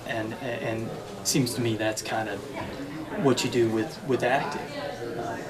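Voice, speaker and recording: Halting male host, crowd behind. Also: mid-range voice, fairly even intonation, rough recording. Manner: halting, many fillers and restarts. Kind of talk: interview conversation.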